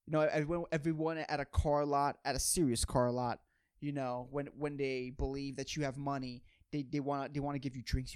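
A man's voice: mid-range voice, little pitch movement, brisk, darkish tone, clear, resonant tone, no room sound, studio quality. A man with a Puerto Rican accent hosting a podcast, rambling through a goofy comedic monologue and swearing casually. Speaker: podcast host.

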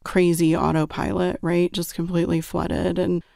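A woman's voice: fairly low pitch, flat delivery, normal speed, gravelly, dark tone, dry recording, studio quality. A woman, a parent, earnestly telling a personal story and often checking in with "right?". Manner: earnest, reflective, frequent "right?" check-ins.

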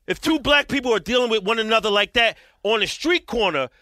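A man's voice: high voice, animated, a little fast, pushed and bright, dry recording, clean studio sound. A man in casual podcast chat, emphatic and profane.

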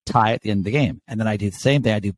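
A man's voice: on the low side, racing. A man co-hosting a casual sports podcast, telling stories about his bets with lots of swearing. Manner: animated, swearing, storytelling. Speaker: podcast co-host.

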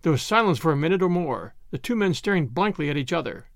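Man narrating, gravelly and lively. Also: a little high, fast, hardly any pauses, dry recording, clean studio sound. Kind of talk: audiobook narration.

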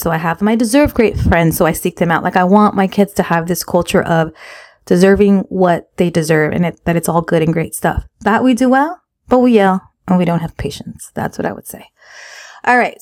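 Animated woman chatting in a dry room. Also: medium pitch, no echo. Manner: animated storytelling, acts out her own and her kids' lines; emphatic, repeats phrases for stress. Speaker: podcast co-host. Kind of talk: candid casual chat.

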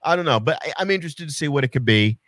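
Animated sarcastic man, higher voice. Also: very fast, no echo, studio quality. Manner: animated, sarcastic, swears freely. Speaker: podcast co-host. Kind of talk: casual wrestling chat.

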